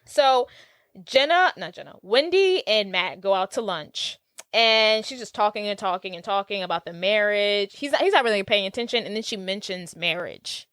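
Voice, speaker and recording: A woman's voice: mid-range voice, animated, a bit bright, clean tone, no echo. A chatty woman co-host with a mid-range voice who talks a film through casually and chimes in often. The sound is dry and close to the mic. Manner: chatty, quick affirmations. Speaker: podcast co-host. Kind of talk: casual movie recap chat.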